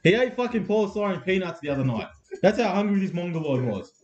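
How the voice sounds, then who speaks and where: A man's voice: high voice, lively intonation, fast, lo-fi sound, music in the background. Rowdy Australian man hosting a card break. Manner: crude, teasing, swings loud. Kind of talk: loud joking banter.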